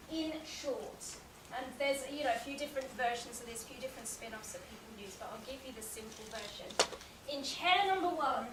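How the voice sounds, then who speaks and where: A woman giving a storytelling talk about her work as a child therapist, acting out the voices in her anecdotes. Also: high-pitched. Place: meeting room, recorded from the audience. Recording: echoey room, distant mic, background noise.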